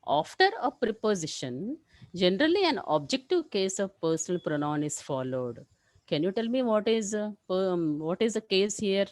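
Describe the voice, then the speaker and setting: A woman teaching a live English grammar class, explaining rules step by step and often checking with "clear?". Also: mid-range voice, sing-song, normal speed, a little mellow, no echo, poor audio.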